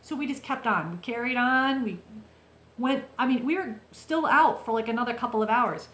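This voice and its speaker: A woman vlogger telling a story to the camera in a casual, animated way, often checking in with her viewers. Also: a little high, normal speed, roomy sound.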